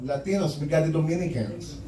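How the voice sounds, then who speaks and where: A man's voice: a little high, a little fast, a crowd in the background. A male stand-up comedian delivering a crude, punchy comedy set full of profanity in a comedy club. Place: comedy club stage before a laughing audience. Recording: echoey club room, mic at a distance.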